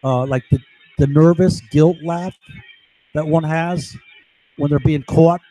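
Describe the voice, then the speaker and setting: Man, rambling monologue, agitated, restarts a lot, slightly high voice, dry sound. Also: steady tone, takes it slowly, dark tone, dry recording, poor audio. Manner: agitated, digressive, many restarts and "right?" tags. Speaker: vlogger. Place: home.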